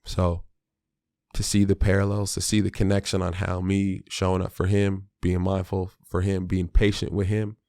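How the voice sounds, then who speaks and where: A man with a low, gravelly voice gives a solo podcast monologue. He talks in a candid, slangy and reflective way and restarts his sentences often. His tone is dark and mellow. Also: no echo. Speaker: podcast host; father of a small child.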